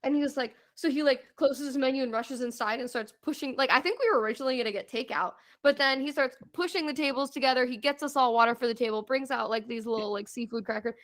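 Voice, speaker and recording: A young woman with a fairly high voice chats as a podcast co-host. She tells a trip story in a loose, casual way, laughs often and acts out what people said. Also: quick pace, few pauses, fairly bright tone.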